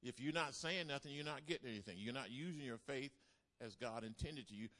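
A man's voice: medium pitch, a little fast, bright, forceful tone. A man preaching a sermon, repeating key lines for emphasis and calling on the congregation to answer back. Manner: call-and-response preaching with emphatic repetition. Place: church service.

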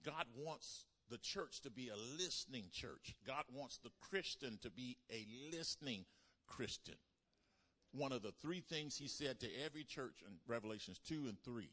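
Animated male pastor preaching. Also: mid-range voice, moderate pace. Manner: animated preaching with call-and-response. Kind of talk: sermon.

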